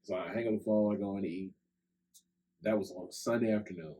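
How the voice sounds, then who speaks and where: Warm and fairly quick, a very low-voiced young man shares a casual story on a podcast mic with fairly even intonation. He's a co-host whose loose, chatty telling is full of "like" and "right?" fillers, captured on a rough recording.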